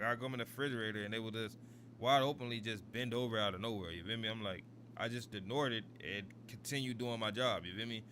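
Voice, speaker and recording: A man's voice: medium pitch, background noise. A man in his thirties telling a long, rambling story while streaming a game, constantly asking "you feel me". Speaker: gaming streamer. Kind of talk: casual storytelling over gameplay.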